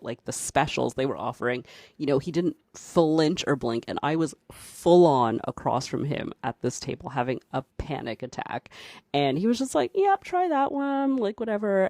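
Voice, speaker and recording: Casually recounting something from their own life, a podcast host leans heavily on "like" and "you know" and laughs often along the way. The voice is mid-range and slightly mellow, recorded dry and clean in a studio.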